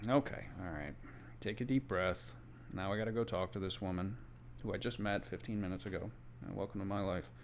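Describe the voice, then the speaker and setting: Gravelly-voiced man telling a work story. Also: low voice, a little fast, a little hiss or hum. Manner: conversational, with exasperated asides. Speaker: home inspector. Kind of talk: casual first-person storytelling. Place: Florida.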